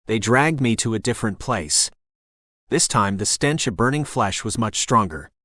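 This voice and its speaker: A man narrating a first-person novel as an audiobook in a steady storytelling voice. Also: fairly low pitch, normal speed, no room sound, clean studio sound.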